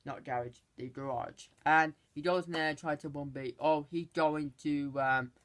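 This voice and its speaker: A movie reviewer casually recapping a film, rambling and halting, with many restarts and exasperated asides. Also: mid-range voice, fairly even intonation, a bit bright.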